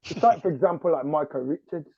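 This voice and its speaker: A man's voice: a little high, fast talker, dry recording. Tinny-sounding man, rambling. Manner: animated, rambling, lots of yeahs. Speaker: podcast co-host. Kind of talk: casual chat. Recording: dry tinny phone-like sound.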